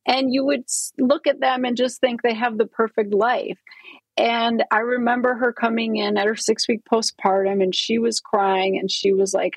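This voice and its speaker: A woman's voice: a little high, little pitch movement, moderate pace, breathy edge, dry recording, poor audio. A middle-aged woman gynecologist, a podcast guest, earnestly explaining hormones and telling stories about patients. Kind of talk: interview storytelling.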